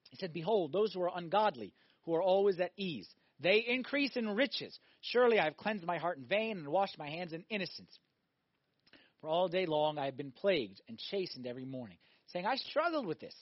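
Male pastor, middle-aged, higher voice; animated sermon delivery, loud peaks and hushed asides, dry close sound. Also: a little fast, no echo, dull audio. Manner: animated, swings between loud emphatic and quiet reflective delivery.

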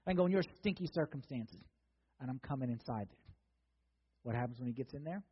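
A man's voice: mid-range voice, expressive, fairly quick, slightly rough. A man preaching a sermon in a casual, conversational way, acting out the people in the story as he goes. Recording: dull lo-fi sound with long hall reverb.

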